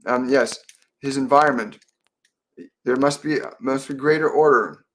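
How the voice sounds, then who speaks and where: A man hosting a live-stream Q&A as a psychic medium, talking softly and meanderingly with many fillers and restarts. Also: mid-range voice, steady tone, unhurried. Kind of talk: live-stream Q&A, relaying spirit messages.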